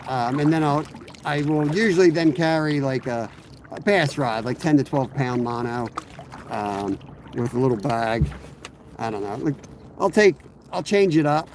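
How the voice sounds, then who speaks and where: A man, hoarse from a cold, chatting casually to live viewers while fishing from a kayak on a river, rambling and greeting people by name. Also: mid-range voice, a little slow, background noise. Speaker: fishing streamer.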